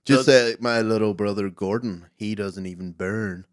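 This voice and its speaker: A young man trading jokes on a podcast, with a lowish voice. The sound is dry and close, with no room around it. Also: normal speed, no room sound. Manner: joking, laughing banter. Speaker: podcast co-host. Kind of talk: casual chat.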